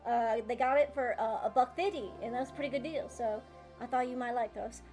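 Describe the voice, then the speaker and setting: Bir kadının canlandırdığı telaşlı, şefkatli peri anne. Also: female voice, on the high side, a little fast, a little mellow, soft background music, natural voice. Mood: fussing. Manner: bustling, rambling, motherly. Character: fussy, doting fairy mother, middle-aged.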